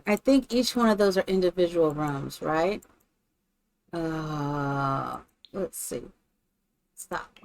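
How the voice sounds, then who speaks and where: A woman's voice: low-pitched, slow pace, gravelly, long pauses. A woman live-streaming, chatting casually and thinking aloud while she builds in a game, greeting her viewers by name.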